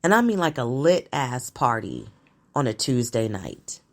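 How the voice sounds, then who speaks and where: A woman's voice: a bass voice, very animated, measured pace. A woman hosting her own show, talking through current events in a casual, blunt, profane monologue and laughing often.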